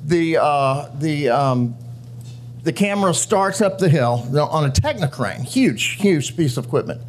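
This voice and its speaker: A man with a notably high speaking voice tells stories at a live show. He is animated, laughing often and slipping into other people's voices as he goes. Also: unhurried, slight background noise. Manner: animated, laughing, acts out quotes. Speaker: actor guest telling set stories. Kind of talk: live storytelling to an audience. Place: live show venue with audience.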